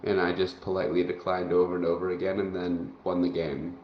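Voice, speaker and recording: A man, a chess master guest, telling a childhood anecdote in a relaxed way with some fillers. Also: low voice, fairly quick, slight background noise. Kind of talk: casual anecdote. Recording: muffled roomy remote recording with faint ambience.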